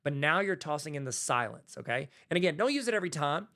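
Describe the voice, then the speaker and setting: Fast, very animated and forceful, this man's fairly high, bright voice carries a casual solo podcast. He's the host and an educator, chatting in a folksy, conversational manner and acting out snippets of dialogue.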